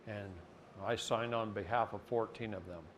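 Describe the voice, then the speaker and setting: A man's voice: steady tone, moderate pace, slight background noise. A man from Oregon giving a seminar lecture, blunt and folksy, telling a story and then explaining a point. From Oregon, United States. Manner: folksy and blunt, acts out quotes with jumps in pitch. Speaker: seminar speaker.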